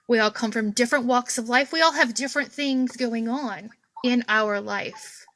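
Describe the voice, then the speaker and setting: Podcast host, woman in her forties, bright higher voice, animated storyteller who plays out the voices she quotes. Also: poor audio. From Kentucky, USA. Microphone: video call.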